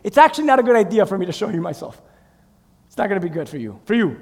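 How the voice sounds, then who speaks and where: A man's voice: high voice, very animated, racing, a little mellow, big-room sound, voice pushed down, full character voice. A man voicing God as a firm male voice cautioning a prophet. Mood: stern.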